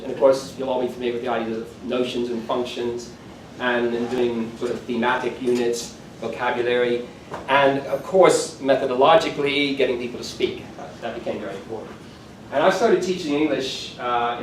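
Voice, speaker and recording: A sixty-something keynote speaker with a mid-range voice lectures at a conference in a conversational tone, adding self-deprecating asides. The audio, taken from far away in an echoey hall, has faint room ambience and slight background noise.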